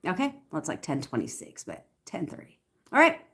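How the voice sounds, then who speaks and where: A young woman answers viewers in a relaxed livestream. Her voice sits a little low, and she stays chatty and upbeat, repeating affirmations again and again. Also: a little fast. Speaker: manifestation coach. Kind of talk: casual livestream Q&A.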